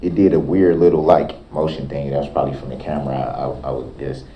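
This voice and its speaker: A man questioning a witness in a courtroom, with halting, repetitive phrasing and frequent restarts. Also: rumbling low, level tone. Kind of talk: courtroom cross-examination. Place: large courtroom. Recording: echoey courtroom, dull lo-fi sound.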